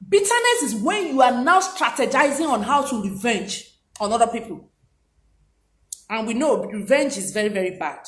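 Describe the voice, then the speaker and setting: A woman's voice: fairly high pitch, big pitch swings, normal speed. A woman giving a motivational talk, speaking emphatically and repeating her key points. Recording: roomy echo.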